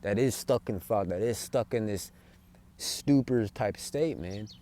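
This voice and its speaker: A man's voice: on the low side, unhurried, warm tone. A young man giving an impassioned, profane spiritual monologue to his viewers from outdoors in nature, calling them bro and man. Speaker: spiritual vlogger.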